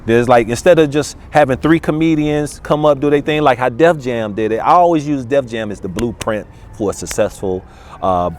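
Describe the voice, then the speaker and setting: A man's voice: mid-range voice, moderate pace, darkish tone. Laid-back male comedian, roomy sound. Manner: laid-back storytelling with frequent filler phrases. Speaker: comedian guest. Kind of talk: casual interview talk. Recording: roomy echo with faint noise.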